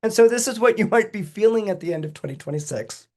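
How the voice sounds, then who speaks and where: A man on a podcast explaining astrology in an animated way, chuckling often and acting out quoted voices with big jumps in pitch. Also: fast.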